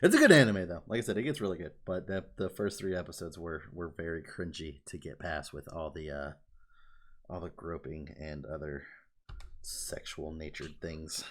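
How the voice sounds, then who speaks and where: A young man co-hosting a casual podcast, retelling scenes in an animated way, swearing freely and breaking into silly voices. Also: sits low, moderate pace. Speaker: podcast co-host.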